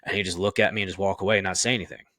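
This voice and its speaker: A man's voice: deep voice, fairly even intonation, very fast, a bit bright, no echo, studio quality. A man who is a fire officer, being interviewed and telling candid, profane stories full of "you know" and acted-out dialogue. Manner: acts out quoted dialogue in his stories. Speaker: firefighter officer guest. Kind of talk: casual interview storytelling.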